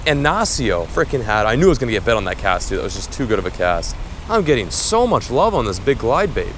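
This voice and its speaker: A young man vlogging a fishing trip in casual chat, who gets loud and excited when fish bite. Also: fairly low pitch, fast talker, a little hiss or hum. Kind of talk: casual vlog narration. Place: outdoors at city ponds, later in a car.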